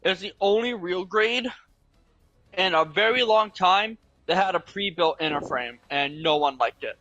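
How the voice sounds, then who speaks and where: A man's voice: high voice, measured pace, bright, forceful tone, dull audio, soft background music. A young man chatting casually over voice chat while gaming, explaining things at length with lots of fillers. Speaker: gaming channel host.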